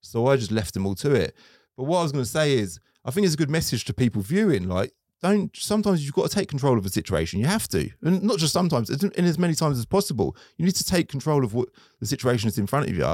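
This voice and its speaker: A man's voice: mid-range voice, very animated, fast, a little mellow, no echo, studio quality. A man, a car dealer guest telling stories in casual interview chat, acting out his own quotes. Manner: chatty storytelling, acts out his own quotes.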